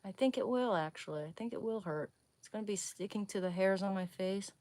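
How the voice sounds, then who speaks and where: A young woman chatting casually on a livestream while doing a face mask, wry and low-key. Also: fairly quick, a little mellow, dry recording.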